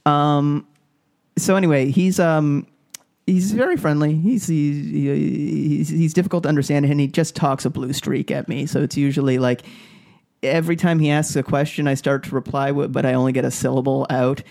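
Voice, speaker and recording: A man's voice: a little high, moderate pace, vocal fry, darkish tone. A man telling a story on a podcast in casual chat, rambling with many fillers and restarts.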